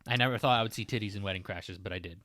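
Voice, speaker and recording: A man's voice: lowish voice, rapid-fire, bright, forceful tone, dry recording, clean studio sound. A man co-hosting a podcast, easygoing and laughing often as he chats and guesses at slang. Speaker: podcast co-host. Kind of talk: casual chat.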